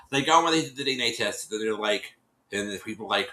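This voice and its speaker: A man's voice: medium pitch, a little fast, bright, forceful tone, echoey room, poor audio. A man casually recapping a TV episode, rambling and restarting often and acting out the people he quotes. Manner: rambling storyteller, many restarts, acts out quotes. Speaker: show reviewer.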